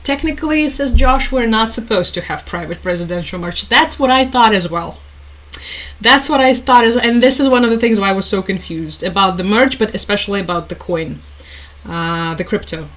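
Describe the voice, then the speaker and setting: A woman's voice: medium pitch, normal speed, fairly bright tone, low-quality recording. A young woman hosting a casual live stream, chatting, laughing often and reading out viewer comments. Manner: chatty, laughs often, reads chat aloud.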